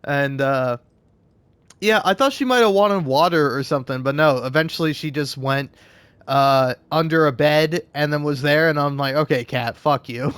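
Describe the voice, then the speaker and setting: Rambling gamer guy, smooth dry voice. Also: a little high, normal speed, a bit bright, dry recording. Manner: rambling, swears, laughs often. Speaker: let's play host. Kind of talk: casual gaming commentary. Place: home.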